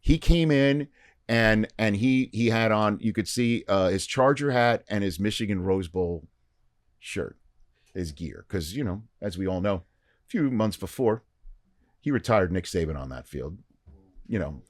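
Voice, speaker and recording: A man's voice: lowish voice, expressive, a little slow, no echo, studio quality. A middle-aged man hosting a podcast, telling a long anecdote in a casual, rambling way with lots of fillers. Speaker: podcast host. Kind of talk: casual storytelling chat.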